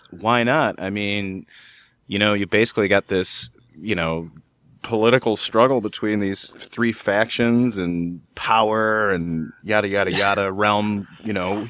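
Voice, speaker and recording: A man's voice: fairly low pitch, a bit bright, dry recording. A man appearing as a guest on a gaming podcast, talking in a laid-back, offhand way with laughing asides. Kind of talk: casual gaming podcast chat.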